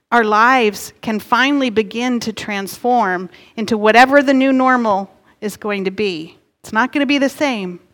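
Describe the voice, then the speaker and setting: A woman pastor in middle age delivers a sermon from a church sanctuary. Her voice sits a little high and her preaching is earnest and gently emphatic. The sound carries a long, hall-like reverb.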